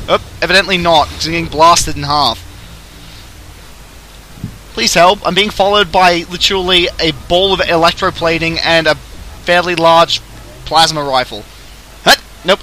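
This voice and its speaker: A young Australian man streaming a game, joking and shouting battle cries as he plays. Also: on the high side, measured pace, pauses often, a little hiss or hum, rough recording. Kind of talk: casual gameplay commentary.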